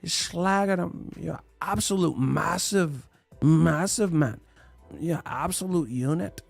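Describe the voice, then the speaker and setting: A man's voice: on the high side, slow pace, creaky, soft background music, full character voice. A man doing an exaggerated British accent, parodying a boxing fan with slang. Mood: mocking.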